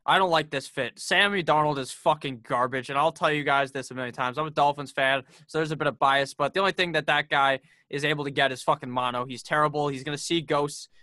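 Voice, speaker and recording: A man's voice: fairly high pitch, fairly even intonation, quick pace, few pauses, sharp tone, no room sound, studio quality. A man hosting a casual sports podcast, joking and swearing freely as he runs through picks. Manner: profane, joking, brash. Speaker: podcast host.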